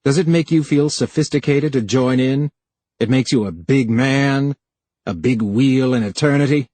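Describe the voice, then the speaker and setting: Brief: narrator doing a young male official, husky, clipped and resentful, dry sound. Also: medium pitch, moderate pace, no room sound, close to an everyday voice. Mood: bitter. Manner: bitter, sharp retorts. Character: young male time official, tense and defensive.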